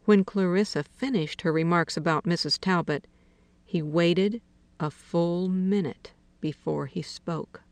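A woman narrates a literary story at an unhurried, deliberate pace. Her voice sits low and carries a gravelly fry. The recording is close and dry, with no room sound. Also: no echo. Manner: slow, measured reading, softening to a hush for intimate dialogue. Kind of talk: audiobook narration of literary fiction.

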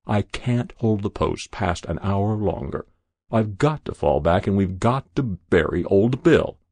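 A man reading aloud, voicing a gruff, curt army officer in a short story. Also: on the low side, expressive, measured pace, darkish tone, no room sound. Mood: firm.

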